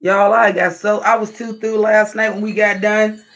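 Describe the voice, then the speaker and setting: A man chatting casually to his viewers on a livestream, animated and profane, talking straight at them. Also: high voice, moderate pace. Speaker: livestream vlogger. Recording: dull lo-fi livestream audio.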